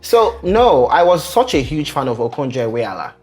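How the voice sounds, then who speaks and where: A young man from Nigeria with a Nigerian accent, a radio presenter chatting as a guest in a casual interview, animated and quick to laugh. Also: fairly high pitch, soft background music. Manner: animated, laughs often, playful.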